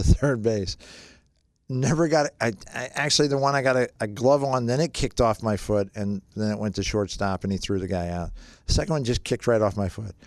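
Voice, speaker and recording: A man's voice: on the low side, no echo, studio quality. A middle-aged man hosting a radio show, chatting casually and joking about himself before explaining retirement accounts, repeating his key points.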